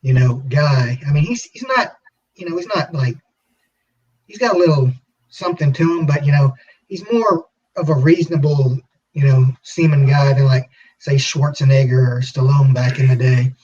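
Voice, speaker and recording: A man's voice: medium pitch, moderate pace, a little mellow, breathy edge. Hesitant man on a distant muffled mic. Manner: hesitant, many fillers, thinks aloud. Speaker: podcast panelist. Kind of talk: casual movie review chat.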